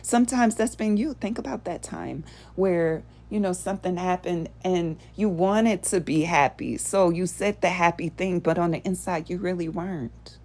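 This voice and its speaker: A woman's voice: on the low side, moderate pace, few pauses, a little mellow. A woman hosting a show, teaching spiritual principles to a live audience in an earnest, conversational way and often asking them rhetorical questions.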